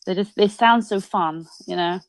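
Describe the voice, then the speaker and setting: Casting: young English woman, slightly Americanized accent, gravelly edge, giggly easygoing manner, dry close sound. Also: medium pitch, normal speed, no room sound. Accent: English with American influence. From England. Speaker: guest. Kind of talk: casual video chat. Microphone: video call.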